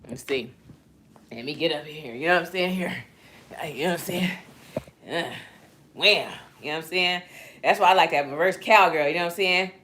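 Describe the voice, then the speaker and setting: A woman hosting a casual livestream, reading chat comments aloud and laughing loudly between remarks. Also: deep voice, fairly quick, pauses often, a little hiss or hum. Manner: loud laughing, playful, animated. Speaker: livestream host.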